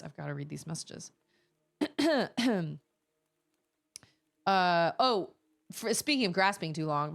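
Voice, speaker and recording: A woman streaming a video game, chatting casually and expressively with her viewers and reading their messages aloud. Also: sits low. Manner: animated and expressive, reads chat aloud. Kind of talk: casual gameplay chat.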